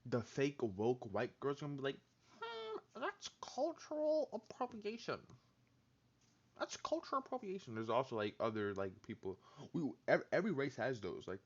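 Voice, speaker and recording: Slangy joking man, lo-fi sound. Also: medium pitch. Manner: slangy, loose and joking, lots of "like" and "bro". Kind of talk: casual chat. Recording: dull lo-fi sound.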